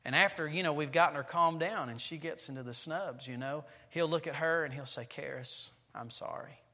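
A man in his forties preaching a Sunday sermon, his voice pitched a little high and ringing with forceful brightness. He tells stories with animation, acting out scenes as he goes. The sound carries a long reverb from a church sanctuary. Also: brisk. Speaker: pastor.

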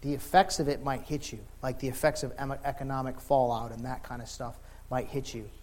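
A middle-aged man preaching a sermon in folksy, informal words, moving from quiet talk to impassioned shouting. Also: medium pitch, steady tone, brisk.

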